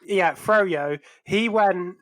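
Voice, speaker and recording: Give me a man with a high, bright voice, bantering wryly on a podcast. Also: extremely slow, no echo. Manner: teasing and wry. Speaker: podcast co-host. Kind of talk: casual banter.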